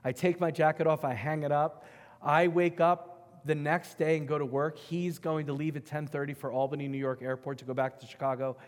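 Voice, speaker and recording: A middle-aged man preaching a sermon, telling a personal story with animated emphasis and swinging between loud and hushed delivery. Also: on the high side, a little fast. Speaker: pastor. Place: church sanctuary. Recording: reverberant church hall.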